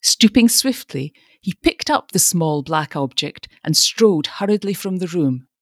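A woman narrates a storybook with a somewhat low voice that moves in lively pitch. The reading is expressive, and the recording is close and dry with no room sound. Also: measured pace, dry recording. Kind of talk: audiobook narration.

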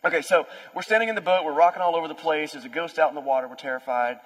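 A young adult man, a pastor, preaching a conversational sermon with lively storytelling. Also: fairly high pitch, rapid-fire. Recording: long hall reverb.

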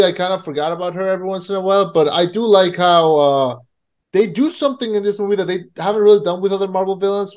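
Male podcast co-host, slightly high voice, easygoing explainer. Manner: relaxed, filler-heavy explaining. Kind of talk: casual chat.

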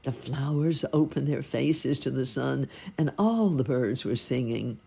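A woman reading a children's story aloud in a gentle, expressive storytelling manner. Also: extremely low pitch, unhurried, creaky, breathy edge.

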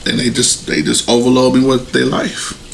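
A man's voice: mid-range voice, little pitch movement, moderate pace, gravelly, a little hiss or hum, rough recording. A man in casual podcast chat, talking in an earnest, reflective way. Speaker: podcast co-host.

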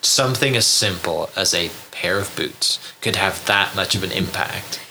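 Podcast host, young man, bright tone, rambling and animated. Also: low voice, normal speed, a little hiss or hum. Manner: animated storyteller, many fillers and restarts. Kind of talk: casual interview chat.

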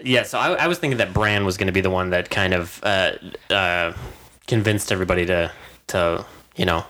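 Man, very low voice, podcast co-host, casual TV chat, measured, hesitant, restarts sentences. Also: sharp tone. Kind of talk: casual chat about a TV episode.

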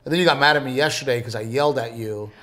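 A man in his thirties co-hosting a podcast in casual chat, telling stories and acting out quotes with big jumps in voice. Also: racing. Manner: animated storyteller, acts out quotes with big pitch jumps. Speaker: podcast co-host.

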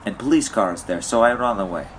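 A man performs a comedic monologue as a distraught Russian, using a put-on accent and broken English in a whiny rant whose pitch swings wildly. It is lightly acted, with lively intonation and a fast delivery, and a little hiss or hum is audible.

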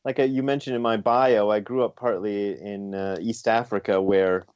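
Male interview guest: low voice, thoughtful and explanatory, on a dry lo-fi line. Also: steady tone, moderate pace, darkish tone, clean tone, no echo. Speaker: author and guest.

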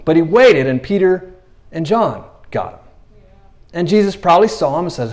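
Guy preaching, super casual and animated, kinda higher voice, slight lilt. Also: normal speed. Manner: conversational, animated, acts out quoted voices. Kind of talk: sermon.

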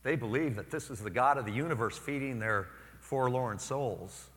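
A priest in his forties preaches a homily and tells personal stories, jumping into lively voices when he quotes people. His tone is bright and forceful. The sound rings with the long reverb of a church. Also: mid-range voice, moderate pace. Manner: storytelling, animated when quoting others. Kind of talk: sermon.

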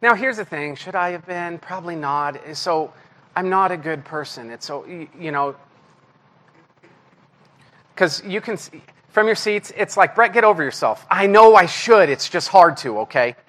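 A man delivers a casual, confessional sermon to a congregation. His voice sits high and sounds bright and forward. He mocks himself openly and keeps the delivery lively. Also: measured pace. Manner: candid, self-deprecating, animated. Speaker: guest preacher. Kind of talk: conversational sermon.

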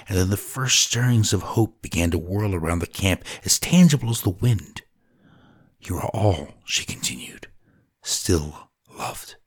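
Deep and husky, a man's voice narrates a dramatic tale with solemn deliberation, at times dropping to a whisper. The sound is close and dry, with no room tone or echo.

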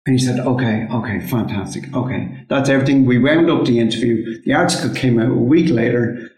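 A man's voice: mid-range voice, brisk, darkish tone. A man in his forties from Ireland in a casual podcast chat, blunt and insistent, swearing freely. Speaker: podcast co-host. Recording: echoey room.

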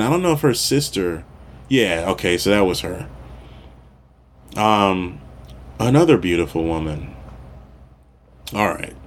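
A middle-aged man with a lowish voice hosts a solo podcast. He rambles and talks loosely, circling back on his sentences and tossing in asides. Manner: rambling, conversational, frequent restarts and asides, occasional profanity. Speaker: podcast host. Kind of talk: casual solo monologue.

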